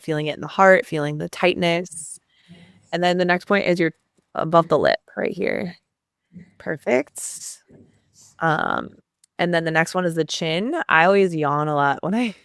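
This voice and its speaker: A woman coach calmly guiding a tapping exercise with encouraging instructions. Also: low voice, a little slow, clear, resonant tone, dry recording, clean studio sound. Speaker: subconscious transformation coach.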